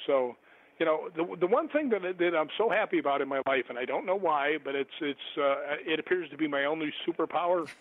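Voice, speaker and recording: A man telling stories in a relaxed, rambling way as a guest on a radio show, laughing often. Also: a little high, a little fast. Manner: chatty, rambling, laughs often, animated when astonished. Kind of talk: casual storytelling on a call-in radio show. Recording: tinny phone line.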